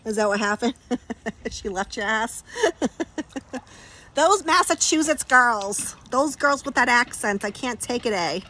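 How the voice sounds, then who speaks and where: A woman's voice: fairly high pitch, lively intonation, takes it slowly, pauses often, pushed and bright. Chatty woman livestreaming from a pool. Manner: chatty, laughs often, talks to her dogs. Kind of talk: casual livestream chat. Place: backyard pool, outdoors.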